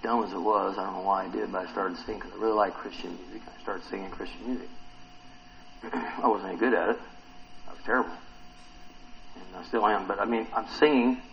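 A man's voice: deep voice, brisk, creaky, pauses often, dull audio, slight background noise. A man preaching a sermon to a congregation, asking them questions and acting out the quotes he reads. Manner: animated, asks the congregation questions, acts out quotes.

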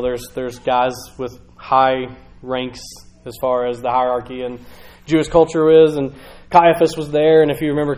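A man's voice: on the high side, a little mellow, poor audio. A young man preaching a casual, conversational sermon from a church stage, rambling with many restarts and fillers.

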